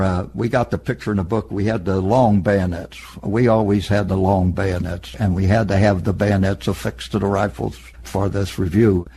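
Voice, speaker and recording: An elderly man in an oral history interview, recalling past events in a plain, matter-of-fact storytelling way with a husky voice. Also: lowish voice, darkish tone. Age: older. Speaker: interviewee, veteran.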